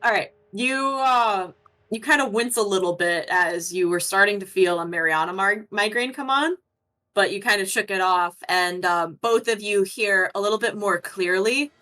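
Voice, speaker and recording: A woman narrating a tabletop game as game master, in a casual, quick way with fillers. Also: mid-range voice, bright, forceful tone.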